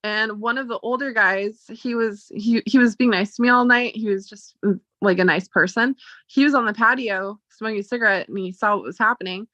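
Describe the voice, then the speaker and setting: A woman's voice: mid-range voice, a little fast, bright, forceful tone, no room sound. Chatty woman vlogger telling a story. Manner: chatty, full of "like" and quoted retellings. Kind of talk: casual storytelling. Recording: dull lo-fi audio.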